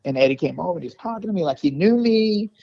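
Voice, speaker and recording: A male musician telling stories in an interview, animated and profane, rambling with restarts, on a dull lo-fi recording. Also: sits high, fast talker, creaky, no echo. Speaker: guest musician and producer. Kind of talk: casual storytelling interview. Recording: dull lo-fi dry sound.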